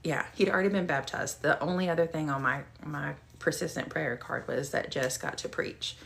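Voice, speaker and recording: A woman leads a Bible study from her home and shares her testimony. Her voice is lowish and full of gravelly fry. She talks in a chatty, rambling way with plenty of fillers. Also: normal speed, fairly bright tone. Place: at home, with a cat nearby.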